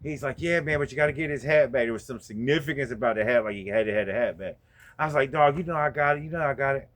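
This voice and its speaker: A man hosting a podcast, telling a story in a casual, profane way and getting animated as he acts out the exchanges. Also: mid-range voice, quick pace. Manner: profane, laid-back, animated when retelling. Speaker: podcast host.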